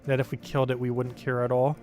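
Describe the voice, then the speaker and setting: A man's voice: medium pitch, monotone, quick pace, darkish tone, soft background music. A young man live-streaming a game, giving casual, rambling commentary full of filler words.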